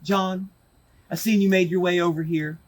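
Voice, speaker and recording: A man's voice: high-pitched, steady tone, normal speed. A man hosting a backstage interview, casual and upbeat.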